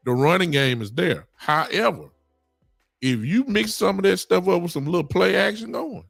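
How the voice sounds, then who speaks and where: A man hosting a sports podcast, talking excitably and preaching to his listeners. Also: high voice, moderate pace, creaky, no echo, faint music behind. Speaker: podcast host. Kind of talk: animated sports talk.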